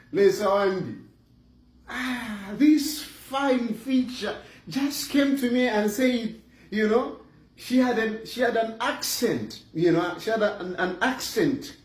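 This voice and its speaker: A middle-aged Zambian man with a Zambian accent telling a comic personal story, animated and chuckling, with lots of fillers. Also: extremely high pitch. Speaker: vlogger. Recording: roomy echo.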